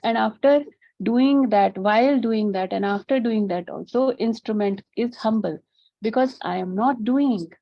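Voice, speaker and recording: A woman's voice: fairly high pitch, a little slow, creaky. A woman, explaining a spiritual teaching and posing rhetorical questions to her listeners. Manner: poses rhetorical questions, acts out students' sweet pleas. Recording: slightly dull lo-fi recording.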